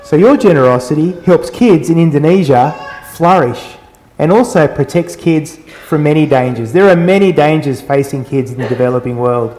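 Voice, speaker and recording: A man's voice: fairly high pitch, expressive, normal speed, a little mellow, low-quality recording. A middle-aged man preaching a sermon, earnest and conversational, telling stories from his family.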